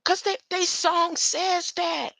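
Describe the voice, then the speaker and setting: A woman's voice: very high voice, fairly even intonation, takes it slowly, gravelly, bright, forceful tone, no room sound, low-quality recording. A woman hosting a livestream, rambling through a spiritual monologue, often ending her lines with a questioning "huh?" and laughing between thoughts.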